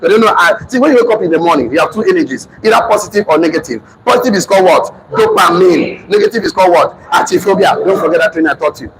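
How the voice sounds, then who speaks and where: A man in his thirties with a Nigerian accent, giving an emphatic motivational seminar talk, often shouting and repeating lines for his audience. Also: sits high, lively intonation, quick pace, hardly any pauses, a crowd in the background. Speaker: motivational speaker. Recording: noisy room recording.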